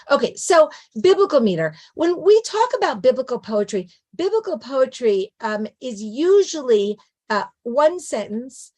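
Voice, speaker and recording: A middle-aged native English-speaking woman giving a conversational lecture, often checking in with a rhetorical "right?". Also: high-pitched. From English-speaking country. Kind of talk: lecture on biblical poetry.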